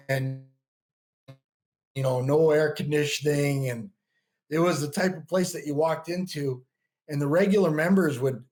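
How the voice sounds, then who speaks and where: A man's voice: a little high, a little mellow. A middle-aged man, a bodybuilder and coach, telling stories as a podcast guest in a loose, rambling way full of restarts. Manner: rambling, frequent restarts and "you know". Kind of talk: casual storytelling interview.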